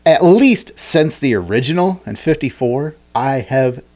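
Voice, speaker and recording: A man hosting a podcast, telling a story in a rambling, animated way, with many restarts and fillers. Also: medium pitch, a little slow. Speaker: podcast host. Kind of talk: casual chat.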